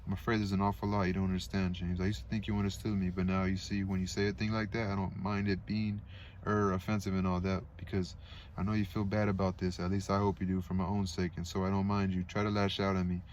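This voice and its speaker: A man's voice: sits low, flat delivery, quick pace, a little mellow, slight background noise, lightly acted. A man reading the part of an emotional, wounded young woman who speaks plaintively.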